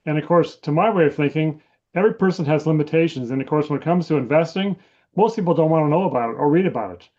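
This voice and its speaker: A man, an author guest, talks fast and folksy, explaining his views with easy asides. His voice sits a bit high for a man. It comes over a dull, muffled line. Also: darkish tone. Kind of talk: casual chat.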